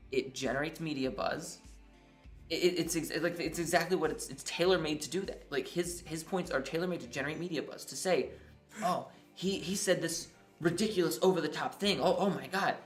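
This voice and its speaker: A man's voice: fairly high pitch, fairly quick. Brief: man from the US, podcast co-host, reasons things out in long run-on points, faint music underneath. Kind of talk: casual political podcast chat.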